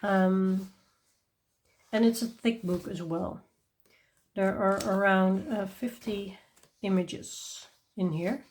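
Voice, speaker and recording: A woman speaks at an unhurried, leisurely pace, presenting coloring books to her viewers. Her talk is casual and enthusiastic, with frequent ums and small laughs between thoughts. She sounds a little tired. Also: mid-range voice, a little mellow, slight background noise. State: tired and yawning. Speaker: coloring channel host. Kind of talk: casual show-and-tell review.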